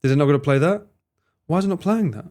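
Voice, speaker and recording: A man's voice: a little high, fast talker, a little mellow. A man streaming live, chatting casually and laughing as he reacts to a video and his chat.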